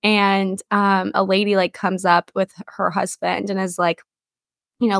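Young female podcast co-host, chatty and rambling, slight vocal fry. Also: mid-range voice, little pitch movement, a little slow, a bit bright, dry recording, studio quality. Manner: chatty storytelling, many fillers. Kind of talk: casual chat.

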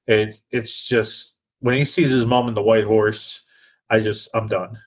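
Low-voiced man hosting casual chat. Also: level tone, a little slow. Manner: chatty, hesitant restarts. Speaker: podcast host.

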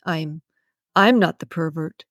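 A prudish, balding old man who scolds with a trembling, indignant voice, pitched lower than the narration, as a woman puts him on. The reading is dry and close-miked, like a storybook. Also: takes it slowly, no room sound. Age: older.

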